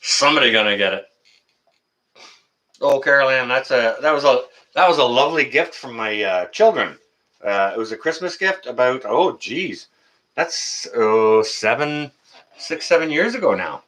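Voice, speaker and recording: A man's voice: mid-range voice, expressive, normal speed, fairly bright tone. A middle-aged man, hosting a casual live stream, reading the chat and answering viewers by name in a folksy, teasing way.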